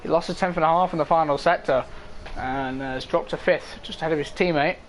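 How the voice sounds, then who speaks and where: An esports race commentator with a fairly high voice talks fairly quickly, calling an online racing league live. He casually reads the standings and chats with viewers, with a slight hiss or hum on the recording.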